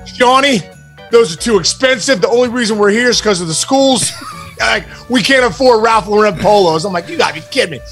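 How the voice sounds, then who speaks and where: A high-voiced man spins a story as a podcast co-host and acts out each quoted voice with relish. He talks in a loose, casual way, and faint music sits underneath. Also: expressive, brisk, fairly bright tone. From Pittsburgh area, USA.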